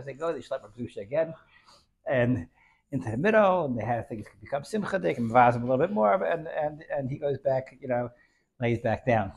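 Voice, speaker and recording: A man's voice: mid-range voice, lively intonation, fairly quick, vocal fry, husky, lo-fi sound. A man telling a Hasidic story in an informal lesson, rambling with many restarts and dropping in Yiddish and Hebrew terms.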